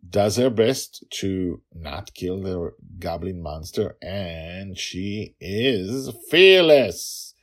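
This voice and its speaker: Brief: male podcast storyteller, very low voice, calm and measured, a bit husky. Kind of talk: story narration and personal anecdote.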